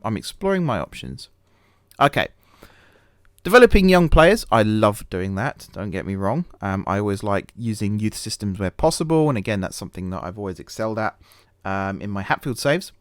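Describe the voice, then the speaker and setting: A man's voice: on the low side, expressive, normal speed, no echo, clean studio sound. A man hosting a gaming channel, chatting casually over a management game, rambling and poking fun at himself with many fillers and restarts. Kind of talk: casual let's-play commentary.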